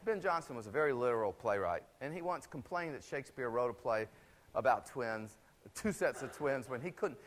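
A middle-aged man giving a lively, chatty stage talk with a demonstration, wearing a clip-on mic before a live audience. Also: mid-range voice. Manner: animated, chatty, full of asides. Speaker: theater lecturer. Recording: faint crowd and room noise.

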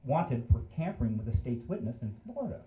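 A man voicing a gruff, hot-tempered good old boy mechanic who cusses bluntly, on a roomy live stage. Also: medium pitch, sing-song, quick pace, dull audio, natural voice. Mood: blunt, confiding. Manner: cussing, blunt, urgent.

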